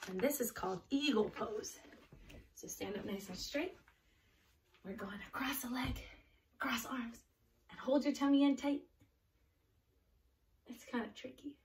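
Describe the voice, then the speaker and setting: A woman's voice: sits high, a little slow, pauses often. A woman reading a picture book and leading a children's yoga class, encouraging the kids in simple words. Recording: distant mic, faint background noise.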